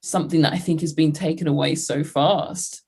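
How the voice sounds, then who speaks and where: A woman's voice: low voice, steady tone, moderate pace, gravelly, darkish tone, husky. A British woman co-hosting, telling stories in a chatty way with many "you know". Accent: British English. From England. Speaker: co-host. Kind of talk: casual video-call chat.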